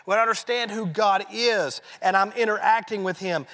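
A man delivers a sermon from the pulpit in a high, ringing voice. He preaches emphatically and drops to a near-whisper on key phrases. A long church-hall reverb trails every line. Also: moderate pace, bright, forceful tone. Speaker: pastor.

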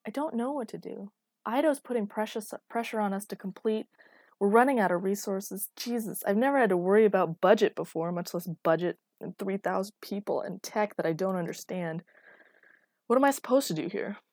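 A woman's voice: medium pitch, brisk, a little mellow, dry recording, studio quality, close to an everyday voice. A woman narrator voicing a stressed male military commander who is out of his depth, asking anxious, pleading questions. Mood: distressed.

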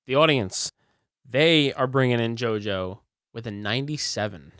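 A man co-hosting a podcast, talking through a movie review in a laid-back, halting way with frequent laughs. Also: medium pitch, fairly bright tone, no echo, clean studio sound. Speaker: podcast co-host. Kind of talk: casual movie review chat.

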